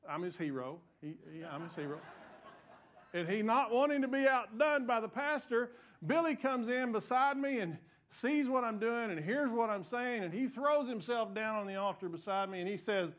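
Male pastor, high voice, jokey self-deprecating sermon delivery, restarts often. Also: fairly bright tone. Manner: joking, self-mocking storytelling with frequent restarts.

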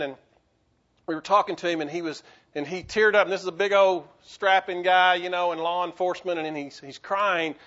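A man preaching a sermon as a pastor, earnest, with frequent stammered restarts, rising to urgency and dropping to quiet, halting lows. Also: dull audio.

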